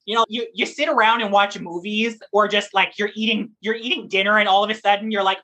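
A woman who performs in drag and reads at story time, chatting in a lively, playful interview and laughing often. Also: medium pitch, fast, hardly any pauses.

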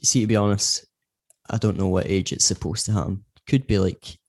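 A man's voice: fairly low pitch, steady tone, brisk. A middle-aged man, co-hosting a podcast in casual, rambling chat. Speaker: podcast co-host.

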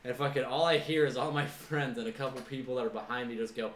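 A man's voice: medium pitch, quick pace. A man telling a story in casual chat, profane and rambling, full of fillers. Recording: roomy echo.

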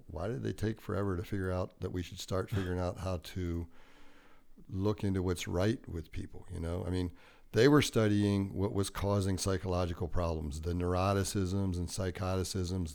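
A man co-hosting a podcast, talking in a relaxed, rambling and jokey way. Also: deep voice, vocal fry. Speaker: podcast co-host. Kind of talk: casual podcast chat.

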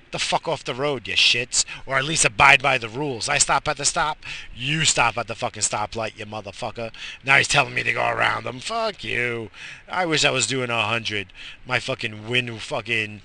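A man sits behind the wheel of his car and rants about the road, swearing freely and breaking into loud bursts. His voice is gravelly with fry and has a hard, piercing brightness. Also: medium pitch. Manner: profane, ranting, shouts in bursts. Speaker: vlogger. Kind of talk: profane driving rant.

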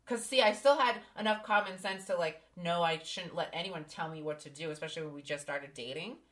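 A woman's voice: fairly low pitch, a little fast, fairly bright tone. A woman hosting a podcast, candidly telling a personal story with emphasis. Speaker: podcast host. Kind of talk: casual podcast conversation.

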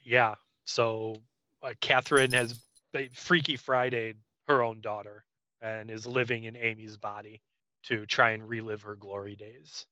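A man's voice: fairly low pitch, flat delivery, a little slow, bright, forceful tone, dry recording, dull audio. A man casually recapping a TV episode scene by scene as a podcast co-host, with frequent ums. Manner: frequent "um"s, loose paraphrase of scenes.

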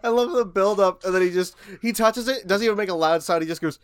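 A man's voice: sits high, fast, smooth, no room sound. A man co-hosting a podcast, telling stories animatedly and laughing often. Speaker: podcast co-host. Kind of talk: casual chat.

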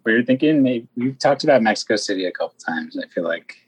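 A man who is a podcast guest in casual chat, relaxed and hesitant, with many fillers. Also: mid-range voice, fast talker, slightly rough, no room sound.

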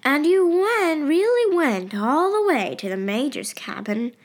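A woman's voice: fairly high pitch, lively intonation, fairly bright tone. A woman voicing a worried, stern mother who fires questions at her teenage daughter, in a storybook reading. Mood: thoughtful. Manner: demanding, rapid questioning.

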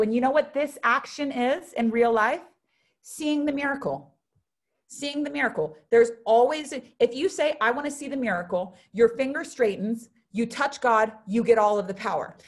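A young woman preaching a spiritual message to a live crowd in a brightish voice. She talks bluntly and swears freely. She drops to hushed asides and then rises into loud, animated bursts. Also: on the high side. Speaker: spiritual speaker. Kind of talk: live motivational talk to an audience.

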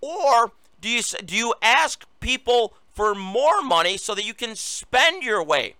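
Sarcastic high-voiced male host. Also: very animated, a little slow, bright, forceful tone, smooth, dry recording. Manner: sarcastic, combative, mocking. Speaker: political talk show host. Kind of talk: opinionated political commentary.

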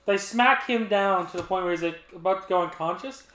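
A man co-hosting a podcast, chatting casually about a movie and retelling scenes in an animated way. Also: high voice, brisk, reverberant. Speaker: podcast co-host.

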